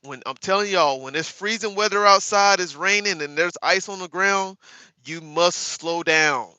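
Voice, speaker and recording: Bright animated man hosting a livestream. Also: a little high, clear, resonant tone, no room sound. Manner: sarcastic, animated, addresses viewers as y'all. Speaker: livestream host. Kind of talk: casual live chat reading viewer comments.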